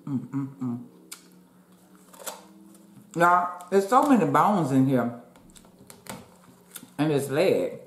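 Lady eating on camera n chatting w viewers, kinda low voice, mouth full sometimes. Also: animated, drawn-out words, long pauses, echoey room, slight background noise. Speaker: mukbang vlogger. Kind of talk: casual chat while eating.

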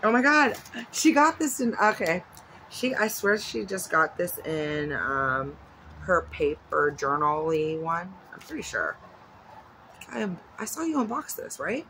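A woman's voice: on the low side, big pitch swings, unhurried, sharp tone, a little hiss or hum, low-quality recording. Chatty rambling woman vlogger. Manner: chatty, rambling, full of asides. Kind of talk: casual chat. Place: at home with her dog nearby.

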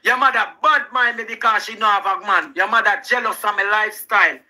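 Insistent man with a Jamaican accent, high-pitched. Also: quick pace, sharp tone, low-quality recording. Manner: insistent, repeats himself, talks over the other. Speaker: live-stream arguer. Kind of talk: heated live argument.

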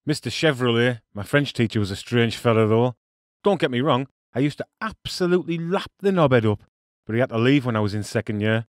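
A man's voice: mid-range voice, expressive, brisk, dry recording. Chatty Teesside man, dry close sound. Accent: Teesside English. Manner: chatty and jokey, with local slang and playful French words. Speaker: cooking show host. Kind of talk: casual cooking demonstration.

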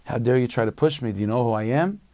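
A man's voice: mid-range voice, fast talker, mellow, no echo, lightly acted. A man doing an offended old chassid. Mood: indignant. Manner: offended, complaining. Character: proud indignant old male chassid.

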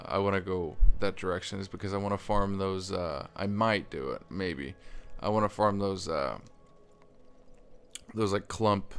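Low, gravelly, yet fairly bright, this man's voice comes through clean as he commentates on his own gameplay. The let's-play gamer rambles casually, full of fillers and restarts, stuttering as he explains and cursing at surprises.

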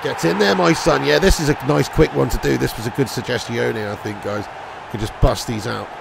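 A man live-streaming a football video game, chatting casually with viewers, reading out their messages, swearing and bursting into excited cheers. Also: mid-range voice, brisk, gravelly, noisy background. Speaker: gaming streamer.

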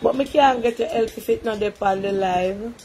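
A woman with a Jamaican accent hosting a live call-in stream, talking briskly and coaxing a caller. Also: fairly high pitch, darkish tone, slight background noise.

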